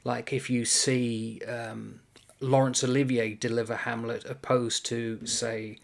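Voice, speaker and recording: A man talking through an old tragedy in a relaxed, unscripted way. His voice sits in a middle pitch. He wanders between points, stops to rephrase, and picks the thread back up. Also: takes it slowly, gravelly. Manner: thoughtful, meandering, self-correcting. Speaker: book reviewer. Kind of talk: casual literary explainer.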